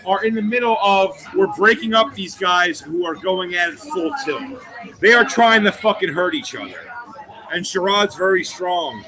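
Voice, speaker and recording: A man with a high, light voice tells a long story in a sit-down interview. He swears freely and often restarts his sentences. A crowd murmurs steadily behind him. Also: normal speed, rough recording. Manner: profane, rambling, with restarts. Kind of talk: anecdotal storytelling in a documentary interview.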